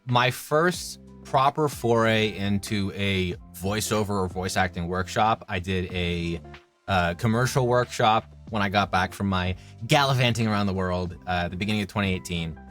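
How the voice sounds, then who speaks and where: A man in his thirties from Canada, a voice actor chatting casually in an interview and telling lively anecdotes. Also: on the low side, normal speed, faint music behind. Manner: chatty, animated anecdotes with acted-out quotes. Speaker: voice actor guest.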